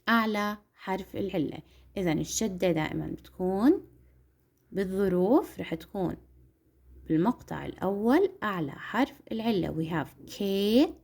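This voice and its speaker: A woman teaching an English lesson to young pupils. She speaks slowly, repeats key words and switches into Arabic to explain. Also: mid-range voice, a little mellow. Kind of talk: online classroom lesson.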